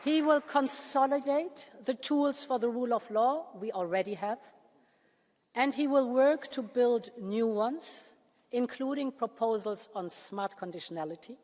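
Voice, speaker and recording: A woman leader giving a formal prepared speech to a parliament. She speaks in a measured way and slows down with pauses to stress key words. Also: a little high, a little mellow. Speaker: political leader addressing a parliament. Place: large parliament chamber. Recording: long reverb of a large chamber.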